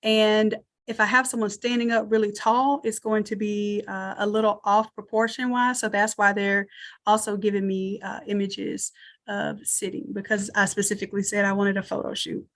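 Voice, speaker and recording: A woman's voice: medium pitch, level tone, normal speed. A woman teaching a live online design class, chatty and thinking aloud as she works through each step. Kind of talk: live screen-share tutorial.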